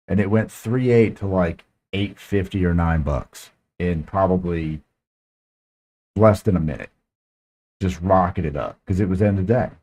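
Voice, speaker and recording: A man's voice: deep voice, darkish tone. A man hosting a podcast, telling a frustrated, profane story in casual chat. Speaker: podcast host.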